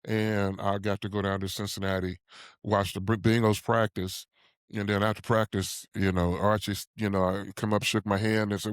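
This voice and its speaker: Chuckling frequently, an Ohio man in his sixties spins lively, conversational stories as a guest on a podcast. He has a lowish, smooth voice at normal speed, and the recording is dry with clean studio sound.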